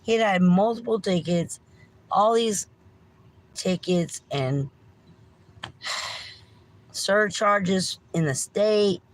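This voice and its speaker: A woman's voice: medium pitch, drawn-out words, pauses often, rough recording. A middle-aged woman, hosting a livestream with a meandering rant, swearing freely and apologizing often. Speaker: livestream host.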